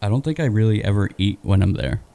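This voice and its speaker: Deep gravelly laid-back man. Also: expressive, fast, warm tone. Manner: laid-back, rambling with fillers. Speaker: podcast co-host. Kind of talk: casual chat.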